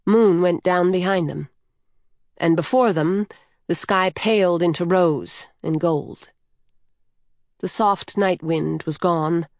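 A woman narrating a storybook in a calm, measured way. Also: fairly low pitch, no echo, clean studio sound. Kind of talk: scripted narration.

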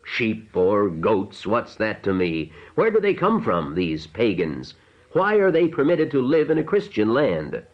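A man's voice: low voice, fairly even intonation, normal speed, few pauses, dull audio. A man voicing a haughty stranger priest who speaks sharply and scornfully.

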